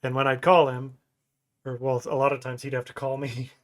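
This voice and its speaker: A man's voice: medium pitch, monotone, brisk. A man in his thirties, co-hosting a casual podcast chat, who tells rambling stories and laughs often. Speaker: podcast co-host.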